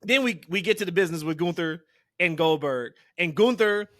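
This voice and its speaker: A man's voice: high-pitched, fairly quick, a bit bright, no echo, studio quality. A man hosting a podcast, chatty and upbeat, often laughing as he talks. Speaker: podcast host. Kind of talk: casual podcast chat.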